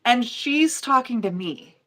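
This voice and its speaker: A woman's voice: fairly high pitch, expressive, slow pace, a bit bright. A woman in her forties, a nail educator from the United States, telling stories in a casual, emotional way. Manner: emotional, storytelling with quoted voices. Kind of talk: casual chat.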